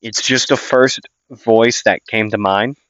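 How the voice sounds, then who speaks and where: A man improvising a fan story in a loose, rambling, self-deprecating way, full of fillers. His voice is low and he talks slowly. The recording sounds dull, lo-fi and dry. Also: fairly even intonation, a bit bright, clean tone, no room sound. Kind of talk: casual improvised narration.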